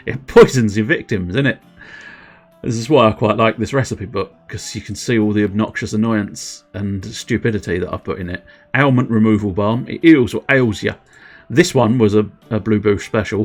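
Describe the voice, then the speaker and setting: Guy chatting while he plays, lowish voice, giggly and rambly. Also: normal speed, soft background music. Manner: rambling, giggly, with many restarts. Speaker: streamer. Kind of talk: casual gameplay commentary.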